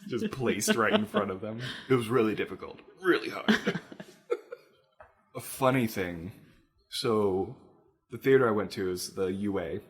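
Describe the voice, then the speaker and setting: Low, husky-voiced man chatting. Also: unhurried, long pauses. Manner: animated storyteller, laughs while telling anecdotes. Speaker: podcast co-host. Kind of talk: casual chat.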